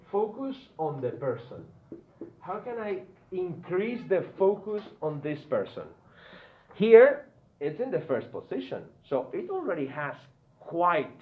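A man teaching an English grammar lesson, repeating key points and often checking whether students follow. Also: on the high side. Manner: repetitive, checks understanding often. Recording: tinny phone-like audio with faint noise.

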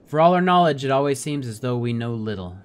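A man voicing a calm, wise mystic woman in a game, reading her lines in a slow, measured, solemn way. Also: mid-range voice, smooth, natural voice.

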